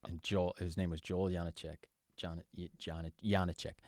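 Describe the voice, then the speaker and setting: A man co-hosting a podcast tells a story in a casual, animated way and acts out what each person said. His voice sits low, and the close mic is dry, with no room sound. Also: moderate pace, no echo. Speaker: podcast co-host.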